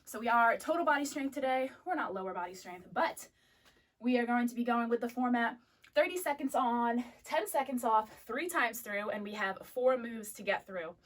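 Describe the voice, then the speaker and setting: In a fitness studio, a young woman instructor counts out upbeat coaching cues while moving through a live workout class, sniffly and out of breath. Her voice is fairly high at a moderate pace, and she sounds far from the mic.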